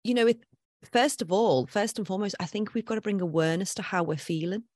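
A woman's voice: mid-range voice, quick pace, darkish tone, no echo, studio quality. A middle-aged woman with a British accent, a guest coach speaking earnestly and upbeat in a casual interview.

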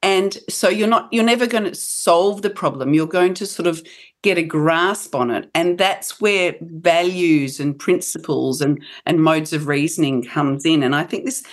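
A woman's voice: low voice, unhurried. A woman talking through ideas on a discussion show, thoughtful and full of restarts. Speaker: panel guest. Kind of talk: casual discussion.

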